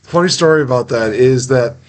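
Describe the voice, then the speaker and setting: A man's voice: mid-range voice, brisk, slight background noise. A young man hosting a casual interview, chatty and rambling, acting out little quotes as he tells stories. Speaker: podcast host.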